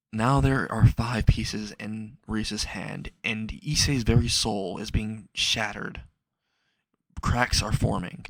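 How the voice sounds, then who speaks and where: A man's voice: lowish voice, vocal fry, no echo, low-quality recording. A man reading a fan fiction story aloud, unscripted, with restarts, and putting some feeling into the characters' quoted lines.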